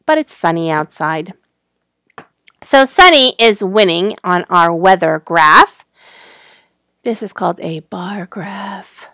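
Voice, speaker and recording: Slow sing-song woman teacher. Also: lowish voice, expressive, sharp tone, no echo, studio quality. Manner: slow, sing-song, spelling words out letter by letter. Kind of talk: classroom lesson for young children.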